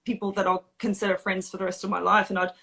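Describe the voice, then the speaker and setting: Kiwi woman guest, 30s, quick slangy storyteller, upbeat casual chat. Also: medium pitch, little pitch movement, creaky, pushed and bright. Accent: New Zealand. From New Zealand. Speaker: guest, tattoo artist.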